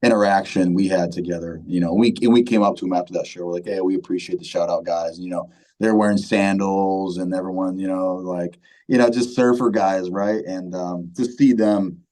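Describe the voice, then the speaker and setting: A man in his thirties with a very low, mellow voice, talking in a relaxed, rambling way. He fills his sentences with "um" and "you know" and keeps repeating himself as he chats casually. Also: normal speed, poor audio. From Michigan, USA. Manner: laid-back, many fillers and repeats, says "man" often. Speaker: band vocalist, guest. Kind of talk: casual interview chat.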